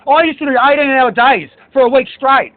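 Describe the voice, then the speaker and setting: Agitated high-voiced man. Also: brisk. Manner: angry, rambling, swears; reads out list of book titles. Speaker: speaker addressing staff. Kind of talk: agitated monologue. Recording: tinny phone-like recording.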